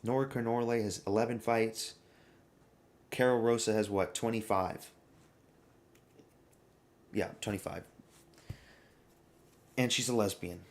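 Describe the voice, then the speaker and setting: Guy with a gravelly low-ish voice, blunt and rambly, just thinking out loud. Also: steady tone, measured pace, pauses often. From United States. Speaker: host. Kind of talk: casual fight predictions commentary.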